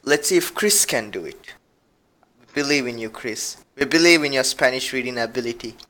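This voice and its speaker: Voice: medium pitch, expressive, moderate pace, pushed and bright. A podcast co-host chatting casually, giggling and rambling while reading aloud. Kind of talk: casual chat.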